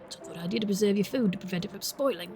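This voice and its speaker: A woman's voice: medium pitch, very fast, a little mellow, soft background music, lightly acted. A woman voicing Greta, a kind, motherly animal fisherwoman in a farming game, with a homely way of talking.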